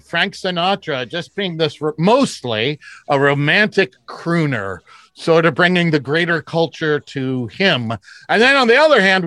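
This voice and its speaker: A man's voice: a little high, no room sound. A man hosting a podcast, chatting casually about music and laughing often. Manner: laughs often, lively and upbeat. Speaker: podcast host.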